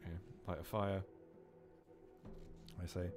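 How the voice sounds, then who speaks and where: A man's voice: deep voice, normal speed, vocal fry, music in the background. A man playing a tabletop role-playing game, talking in a dry, wry and hesitant way. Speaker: player.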